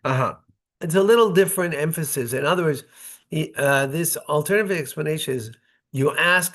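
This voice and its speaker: A man's voice: fairly high pitch, brisk, fairly bright tone. A rabbi teaching a Torah study class, reading short Hebrew phrases and explaining them in English, often checking in with his listeners. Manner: conversational, checks in with "right?" and "okay?". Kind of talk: Torah study lesson, reading verses and translating.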